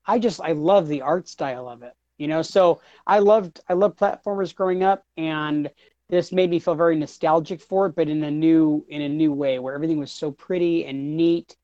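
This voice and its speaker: A man's voice: on the high side, moderate pace, a little mellow, no room sound, dull audio. A man in his thirties co-hosting a casual podcast, rambling and repeating words, laughing often. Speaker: podcast co-host.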